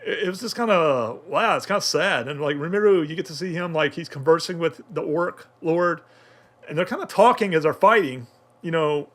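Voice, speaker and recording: A man's voice: on the high side, animated, moderate pace, fairly bright tone. A man talking through an anime episode in casual review commentary, rambling with many fillers and restarts.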